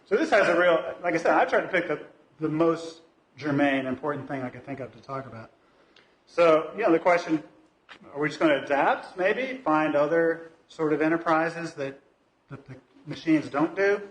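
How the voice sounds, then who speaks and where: A man's voice: fairly high pitch, normal speed. Hesitant, chatty man in an echoey church. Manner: conversational, hesitant, many fillers and restarts. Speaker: lay speaker at a church service. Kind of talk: informal talk from the pulpit. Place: church sanctuary.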